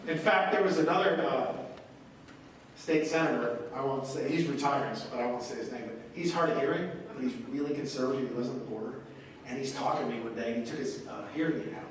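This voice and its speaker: A man giving a folksy, animated political town-hall speech, telling anecdotes and acting out other people. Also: mid-range voice, quick pace, a little hiss or hum. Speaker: congressman speaking at a town hall. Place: large echoey courthouse hall. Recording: echoey hall recorded from a distance.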